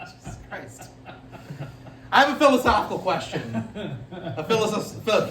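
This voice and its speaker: A man's voice: high voice, very animated, slow pace, pauses often, a bit bright, reverberant, far from the mic. A man doing rambling stand-up comedy that he admits he is making up as he goes, often laughing at his own jokes. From Italian-American family. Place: live comedy venue, heard from the stage.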